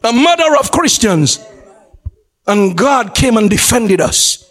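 High-voiced, exclamatory male pastor preaching. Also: sing-song, a little slow. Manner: exclamatory preaching with call-and-response; laughs often, shouts for emphasis. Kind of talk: sermon.

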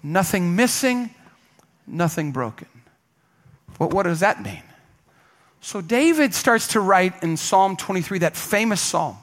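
A pastor preaching a sermon in a church, emphatic and asking the congregation to answer back. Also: male voice, high voice, animated, measured pace. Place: church sanctuary.

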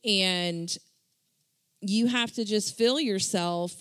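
A woman's voice: mid-range voice, extremely slow, a bit bright, smooth, no room sound. Earnest woman encouraging in a faith talk. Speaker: church member in discussion. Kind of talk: casual faith discussion.

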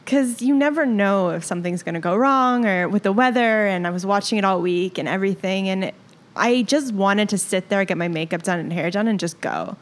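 A young woman talking as a newlywed guest on a podcast, chatty and easygoing. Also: mid-range voice. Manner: chatty, easygoing, quick to laugh. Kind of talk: casual interview chat.

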